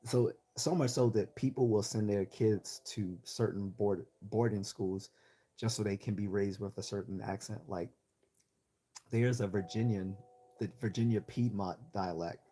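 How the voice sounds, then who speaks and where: Here a man from Chicago, speaking with a Northeastern American accent, hosts a livestream and reads the chat, rambling, opinionated and often restarting sentences. His fairly low voice is mellow, with fairly even intonation and a slightly slow pace.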